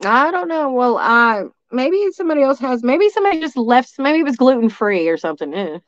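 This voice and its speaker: A woman's voice: sits high, sing-song, fairly quick, no room sound, muffled recording. A woman from East Tennessee, telling a story as a guest in a rambling way, full of restarts and fillers. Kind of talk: casual storytelling.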